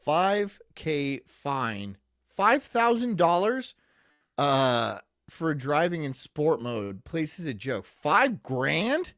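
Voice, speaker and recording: A man's voice: a little high, sing-song, extremely slow, hardly any pauses, a bit bright, dry recording, clean studio sound. A man in his thirties streaming live, rambling and joking crudely as he reads viewer chat aloud. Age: 30s.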